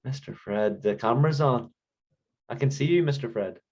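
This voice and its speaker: A man playing a calm, patronizing therapist. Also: mid-range voice, creaky. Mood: soothing. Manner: measured, soothing, a bit condescending. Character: calm, patronizing male therapist on a video call. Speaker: improv performer. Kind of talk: improv comedy over video call. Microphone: video call. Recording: dull lo-fi video call audio.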